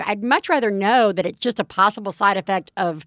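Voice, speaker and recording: A woman co-hosting a podcast in casual chat, telling a story with lively acted-out quotes. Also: medium pitch, a little fast, dry recording, studio quality. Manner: animated storytelling, acts out quotes. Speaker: podcast co-host.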